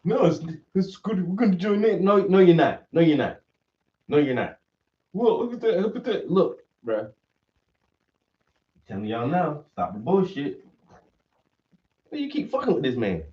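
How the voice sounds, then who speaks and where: A man rants casually, swearing freely and slipping into quick impressions of the people he quotes. His pitch leaps around in a lively way and sits on the higher side. The recording sounds dull and a little far from the mic. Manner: profane, animated, acts out quoted voices. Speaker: stream host. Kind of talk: casual rant. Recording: dull audio, mic at a distance.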